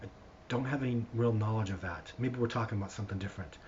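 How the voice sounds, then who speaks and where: A man hosting a live stream, answering viewer questions in a rambling, animated storytelling way with lots of restarts. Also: lowish voice, racing, a little hiss or hum. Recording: dull lo-fi stream audio.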